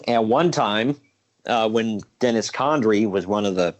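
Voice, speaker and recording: A man co-hosting a podcast, casually recapping old wrestling shows in a rambling, relaxed way with fillers. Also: fairly low pitch, a little slow. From Ohio. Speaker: podcast co-host.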